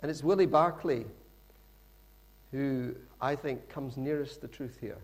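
A middle-aged man preaching a sermon in a lively, conversational storytelling manner with frequent asides. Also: medium pitch, a little slow.

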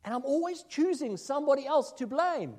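A man preaching a sermon as a minister, telling self-deprecating stories that swing between loud asides and hushed remarks. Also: extremely high pitch, lively intonation, brisk. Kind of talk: sermon with personal anecdotes.

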